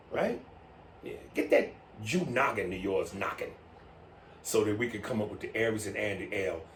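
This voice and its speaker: A man co-hosting a podcast, reading listener emails and riffing loudly with big pitch jumps. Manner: animated, loud riffing with sudden pitch jumps. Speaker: podcast co-host. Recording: roomy, distant mic with faint noise.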